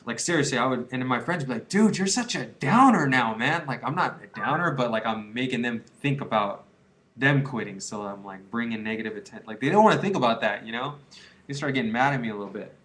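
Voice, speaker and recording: A young man in his twenties speaks straight to the camera in a relaxed, confessional vlog. His talk is loose and rambling, full of slang and fillers like "dude" and "man". His voice sits at an ordinary middle pitch. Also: fast. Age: 20s. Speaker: vlogger giving advice on quitting. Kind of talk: casual confessional monologue to camera.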